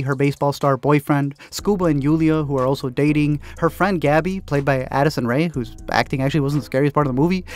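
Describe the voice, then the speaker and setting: A man narrating a comedic movie recap, packing in wry jokes. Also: on the high side. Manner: wry, joke-packed delivery.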